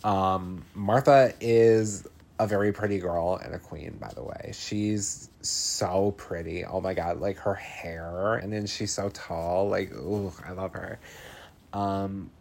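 A man's voice: low-pitched, slow, creaky, darkish tone. A man hosting a podcast, recapping a horror film in casual chat, laughing often, swearing freely and throwing in dramatic asides.

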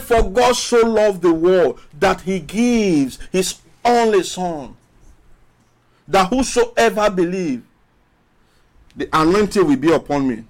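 A male pastor preaching a sermon emphatically, repeating phrases and drawing out his words between pauses. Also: high voice, lively intonation. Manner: emphatic preaching with long pauses and rising calls.

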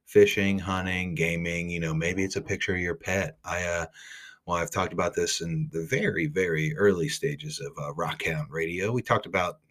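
A man with an Ohio accent hosting a podcast, telling a fishing story in a rambling, animated way with lots of "like". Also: sits low, moderate pace. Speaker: podcast host. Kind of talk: casual storytelling.

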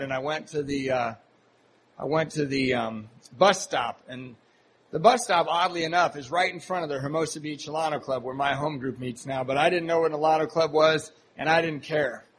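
A man from the US Pacific Northwest telling his recovery story to a meeting, candid and self-deprecating, often halting with fillers. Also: fairly high pitch, fairly bright tone, slight background noise, rough recording. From Seattle, Washington, USA. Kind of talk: personal recovery story told to a live audience.

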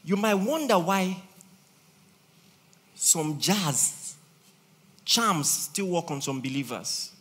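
Animated pastor, high bright voice. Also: male voice. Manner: animated preaching with big swings in loudness, teasing, laughing. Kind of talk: sermon.

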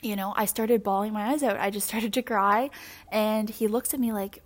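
Young woman on her podcast, just rambling honestly, lots of ums and likes, mid-pitched voice. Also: fairly even intonation, moderate pace. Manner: candid, rambling, with frequent fillers and restarts. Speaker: podcast host. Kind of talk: personal confessional monologue.

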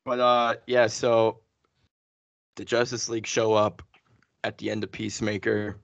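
Excitable rambling male podcast host. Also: fairly low pitch, unhurried, creaky, dry recording. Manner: excited, rambling, many fillers and restarts. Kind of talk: casual spoiler review chat. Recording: dull lo-fi sound.

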